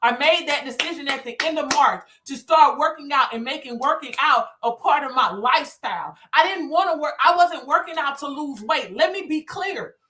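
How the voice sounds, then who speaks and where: High, bright-voiced woman giving emphatic testimony. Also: moderate pace, hardly any pauses. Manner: emphatic, repeats phrases, addresses listeners as y'all. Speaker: business coach and speaker. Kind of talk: motivational testimony to viewers.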